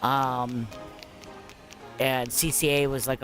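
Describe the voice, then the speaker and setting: A woman's voice: low-pitched, a little slow, fairly bright tone, soft background music. Rambling, candid middle-aged mother telling a story. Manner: rambling, candid, frequent fillers and 'blah, blah, blah'. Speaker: parent telling her story. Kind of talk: casual spoken story over gameplay.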